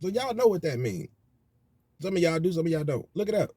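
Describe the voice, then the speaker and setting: A man's voice: a little high, big pitch swings, a little fast, mellow, slightly rough, dry recording. Preachy man, dry close sound. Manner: preachy, repetitive "you know what I'm saying". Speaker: commentator on religion. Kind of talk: casual monologue.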